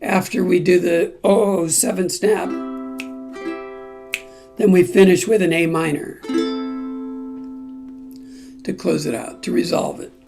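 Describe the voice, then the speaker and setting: Ukulele teacher, slow talker, gravelly fry, explains timing step by step, sings lyric snippets, faint strumming behind. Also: medium pitch, fairly even intonation, music in the background. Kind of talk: song-by-song music lesson.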